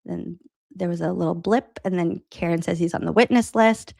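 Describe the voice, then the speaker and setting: A woman's voice: fairly low pitch, normal speed, creaky, darkish tone, dry recording. A woman podcast host reading an interview transcript aloud and adding wry asides between the quotes.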